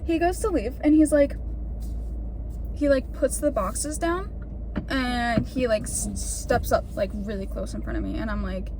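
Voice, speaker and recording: Young woman vlogger, high voice, rambling storytime from the driver's seat, lots of swearing and "like". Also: normal speed, background noise. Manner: rambling, heavy swearing, many fillers. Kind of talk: casual storytime rant while driving. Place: in a car.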